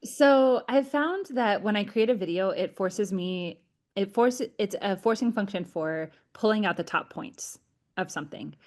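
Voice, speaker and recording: Woman, guest, casual chat, measured, explanatory. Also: mid-range voice.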